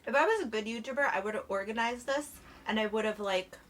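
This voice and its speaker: A woman's voice: mid-range voice, fast, few pauses, fairly bright tone. A young woman from New Jersey, chatting casually to her camera while she eats, bubbly and full of "like" and "literally.". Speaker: YouTuber. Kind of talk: casual chat while eating. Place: alone in a room at home.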